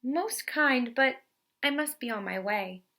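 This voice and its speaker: A woman voicing a small gray male mouse from a storybook who talks politely and quickly. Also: sits high, animated, bright, forceful tone, voice pushed up, exaggerated voice. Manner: politely chirpy, quick and precise.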